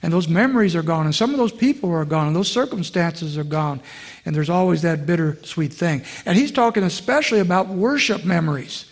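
A male pastor preaching a sermon in a conversational way, asking the congregation questions and dropping low and quiet on emotional phrases. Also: animated, a little fast.

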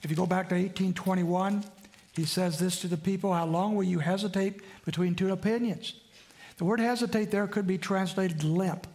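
A man's voice: high-pitched, fairly even intonation, moderate pace, a little mellow. A man preaching a sermon in a conversational way, often asking the congregation for responses. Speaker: pastor.

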